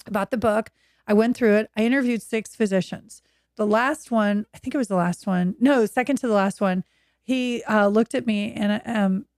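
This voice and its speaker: A woman's voice: medium pitch, dry recording. Woman, fifties, from Oregon, candid storytelling, acts out voices, dry close sound. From Oregon, USA. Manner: animated, acts out quoted voices. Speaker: guest. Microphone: video call.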